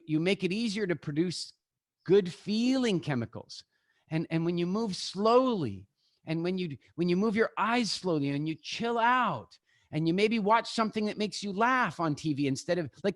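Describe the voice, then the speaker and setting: Animated man with a lively voice. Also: sits high, moderate pace, no room sound, studio quality. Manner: animated, acts out scenes, addresses the audience directly. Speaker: guest speaker. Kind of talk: live online talk to an audience. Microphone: video call.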